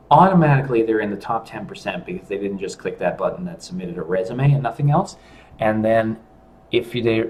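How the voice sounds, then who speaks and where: Middle-aged male host, somewhat low voice, casual rambling livestream delivery with frequent restarts. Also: darkish tone. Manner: rambling, halting, with many restarts. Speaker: studio founder hosting a livestream chat.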